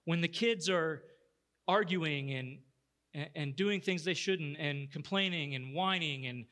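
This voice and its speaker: A man's voice: on the high side, measured pace, fairly bright tone. A male pastor preaching, telling a story in a conversational way with many restarts. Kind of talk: sermon.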